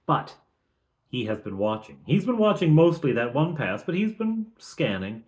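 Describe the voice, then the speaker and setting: A man's voice: fairly high pitch, very animated, moderate pace. Conversational male game master recapping. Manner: conversational, thinking aloud with restarts. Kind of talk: recapping a tabletop game session.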